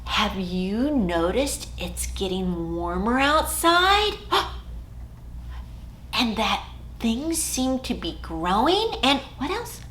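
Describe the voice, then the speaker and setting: Lady librarian doing kids storytime, big swoopy voice, super slow and a bit high. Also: slight background noise. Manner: animated and exaggerated for small children, with gasps and whispers. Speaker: children's librarian hosting storytime. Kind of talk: children's storytime presentation.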